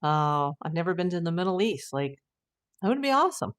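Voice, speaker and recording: Chatty older American woman, lowish voice. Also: big pitch swings. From United States. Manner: chatty and exclamatory, quick to say wow. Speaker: livestream host reading viewer chat. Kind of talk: casual live chat.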